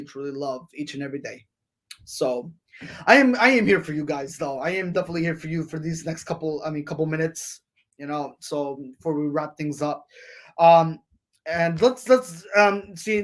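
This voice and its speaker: Rambling high-voiced male sports podcaster. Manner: rambling, frequent fillers and restarts; addresses listeners as folks, ladies and gentlemen. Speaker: podcast host.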